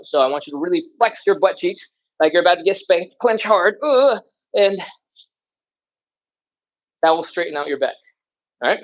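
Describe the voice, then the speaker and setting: Male fitness instructor, slightly high voice, energetic live class cues, audible effort breaths, lo-fi stream audio. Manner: energetic, coaching cues and counting aloud; breathing hard, sighs and grunts while stretching along.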